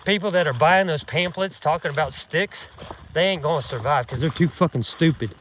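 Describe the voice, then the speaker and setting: A man's voice: fairly high pitch, fairly quick, a bit bright, slight background noise. A man hosting an outdoors channel, delivering a profane, mocking, indignant rant while out in the woods. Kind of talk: casual ranting vlog.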